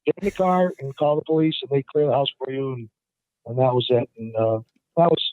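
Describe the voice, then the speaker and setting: A man's voice: fairly quick, dry recording. A man, a guest appraiser, telling stories in a casual interview, rambling with many fillers and restarts. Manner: acts out the people in his stories in a higher voice. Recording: dry, tinny phone line.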